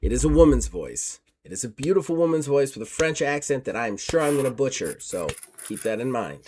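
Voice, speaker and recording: A man's voice: medium pitch, very animated, a little fast, darkish tone, a little hiss or hum. Casual male horror game master. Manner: casual, many fillers, self-correcting. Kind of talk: narrating a tabletop horror game.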